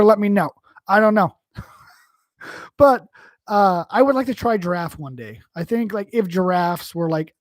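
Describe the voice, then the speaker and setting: A man's voice: sits high, dry recording, clean studio sound. Profane rambling man from New York. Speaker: livestream host. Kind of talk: casual chat, answering live chat.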